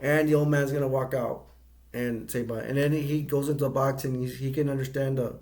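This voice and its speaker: A middle-aged man giving a casual, rambling movie review, halting often and restarting his sentences. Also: medium pitch, fairly even intonation, darkish tone.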